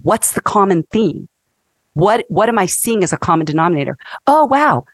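A woman in her fifties speaks as a counselor on a faith-based podcast, animated and emphatic. Her voice sits at a middle pitch. It is recorded close and dry, with no room sound. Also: moderate pace, no room sound.

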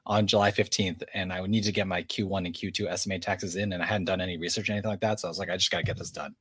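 A man's voice: low-pitched, steady tone, racing, fairly bright tone, breathy edge, dry recording. A man co-hosting a podcast, chatting casually with dry, self-mocking humor. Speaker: podcast co-host.

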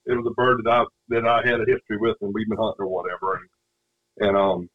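A man's voice: fairly low pitch, steady tone, fast. A man, telling a hunting story in a casual, rambling way, with lots of fillers and restarts. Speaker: guest. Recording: dull lo-fi sound.

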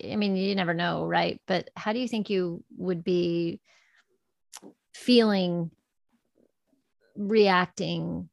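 Brief: woman host, gravelly and slow, searching reflective questions, dry room. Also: lowish voice, no echo. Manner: slow, searching, trails off and restarts. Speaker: interviewer.

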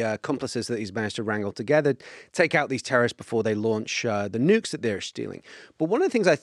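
A man's voice: medium pitch, dry recording, clean studio sound. A man co-hosting a movie podcast, talking enthusiastically and analytically about a film. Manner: enthusiastic, analytical, trails off softly. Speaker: podcast co-host. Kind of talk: casual film discussion.

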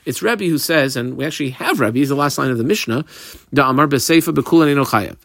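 Guy teaching talmud, reads the aramaic then explains it, lots of ums, pitch jumps around a lot, dry close sound. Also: lively intonation, fast, creaky, fairly bright tone, no room sound. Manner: reads Aramaic text and translates, with frequent fillers; describes his own page markings while teaching. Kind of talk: daf yomi Talmud class.

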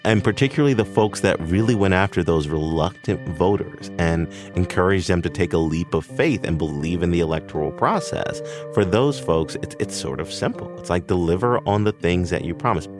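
A male podcast reporter asking questions in a thoughtful, measured way, with small hesitations. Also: low voice, music in the background. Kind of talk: interview questions.

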